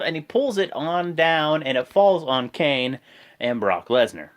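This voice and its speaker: A man's voice: fairly high pitch, big pitch swings, measured pace, fairly bright tone. A man talks through events in a loose, chatty recap. His voice swings up and down a lot. He stumbles, corrects himself and jumps into quoted voices. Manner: rambling, self-correcting, acts out quotes. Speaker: wrestling show reviewer. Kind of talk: casual play-by-play recap.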